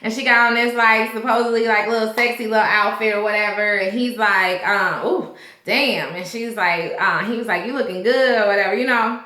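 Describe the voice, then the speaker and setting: A woman casually recapping a TV episode, retelling scenes in animated, slangy talk and acting out the lines. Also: medium pitch, brisk, hardly any pauses, roomy sound. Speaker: TV episode reviewer.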